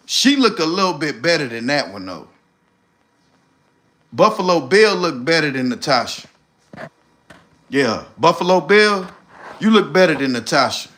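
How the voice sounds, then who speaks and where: A man roasting people on his livestream, animated and loud at times. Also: on the high side. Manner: animated, shouting impressions. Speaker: streamer host.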